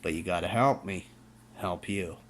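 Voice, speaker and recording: A man's voice: low-pitched, normal speed, a bit bright, slight background noise. A Canadian man ranting emphatically to camera in a preachy tone, often checking in with "okay?" and restarting his words. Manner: fiery, preachy. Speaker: vlogger. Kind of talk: casual rant to camera.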